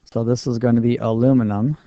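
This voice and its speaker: A man's voice: mid-range voice, little pitch movement, fast, warm tone, no echo. A man explaining a chemistry lesson step by step in a patient, plain-spoken way while writing on a board. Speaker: chemistry teacher. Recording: dull lo-fi dry recording.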